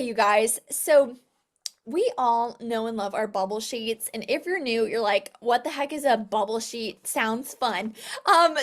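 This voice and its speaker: An upbeat young woman talks her sales team through the numbers in a chatty live online session. She sprinkles in fillers and keeps calling out "you guys". Her voice sits a touch high for a woman. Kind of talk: live online training talk.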